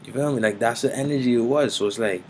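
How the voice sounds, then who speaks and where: A man giving an informal Bible teaching, mixing street slang and swearing with slow, deliberate scripture reading. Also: mid-range voice, slight background noise, rough recording.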